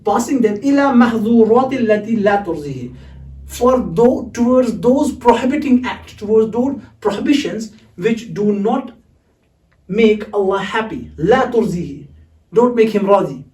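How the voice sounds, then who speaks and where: A man's voice: high voice, animated, a little fast, a little mellow. A man teaching the Arabic grammar of a Quranic prayer, explaining it word by word and moving between recited Arabic and English. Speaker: Islamic studies teacher. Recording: echoey room, voice from a distance.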